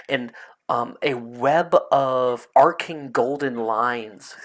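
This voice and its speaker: A man narrating a tabletop game as game master, slowly and with many hesitations. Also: medium pitch, fairly bright tone.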